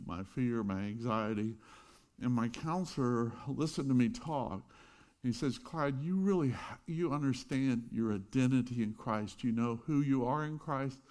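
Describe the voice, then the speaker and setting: A middle-aged pastor telling a lively story in his sermon, with chuckling asides. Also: mid-range voice.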